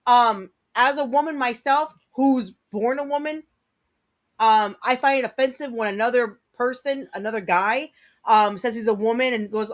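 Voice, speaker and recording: A woman's voice: on the high side, moderate pace. Blunt, swearing woman ranting. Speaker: livestream co-host. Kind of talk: casual livestream chat.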